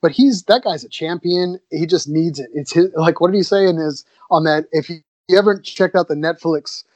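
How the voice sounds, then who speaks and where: A man's voice: fairly high pitch, normal speed, a little mellow, no echo, dull audio. A man co-hosting a podcast in casual chat, enthusiastic and laid-back, often saying "man" and "dude". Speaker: podcast co-host.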